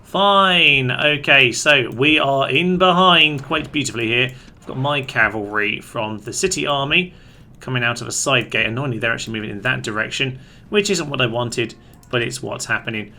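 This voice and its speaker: A man's voice: mid-range voice, normal speed, sharp tone. Chatty man narrating a strategy game. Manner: chatty, upbeat, talks to his units. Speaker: gaming channel host.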